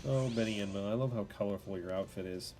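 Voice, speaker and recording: A male streamer chats casually over his live gameplay, stumbling and correcting himself as he goes. His voice sits a little low, and his relaxed, rambling delivery feels unscripted. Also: fast talker, over music. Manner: casual, chatty, with fillers and self-corrections.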